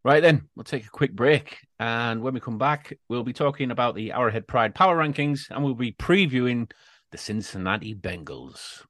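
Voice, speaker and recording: A man's voice: medium pitch, lively intonation, normal speed, fairly bright tone, dry recording. English guy hosting a sports podcast, laid back, bit teasing, dry mic. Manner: easygoing, teasing, steers the show along. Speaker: podcast host. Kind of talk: casual sports chat.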